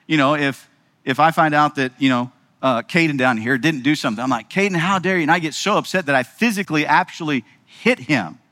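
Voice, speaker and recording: A man's voice: on the high side, fairly quick, pushed and bright. A man preaching a sermon as pastor, emphatic and rhetorical, often checking in with the audience. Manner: emphatic, rhetorical, keeps asking the audience "right?".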